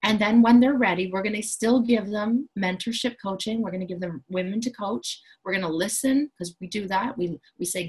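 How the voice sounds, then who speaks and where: On poor audio, a female empowerment coach and school founder promotes her coaching programs, sounding chatty, confident and enthusiastic. Her mid-range voice carries a breathy edge, and she talks at a normal speed.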